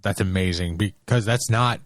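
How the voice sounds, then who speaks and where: A man co-hosting a podcast, answering in a halting, stammering way. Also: low-pitched, no echo, studio quality. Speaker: podcast co-host. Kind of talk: casual chat.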